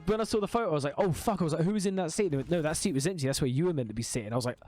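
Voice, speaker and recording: A man's voice: a little high, rapid-fire, a little mellow. A man hosting a casual interview, agreeing often and talking loosely with many fillers. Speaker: interviewer, host.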